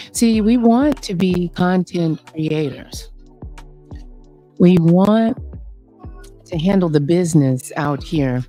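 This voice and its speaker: Middle-aged woman, casual stream host, low-ish mellow voice, thinks aloud while testing gear. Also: poor audio. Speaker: YouTube host. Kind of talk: casual live stream talk.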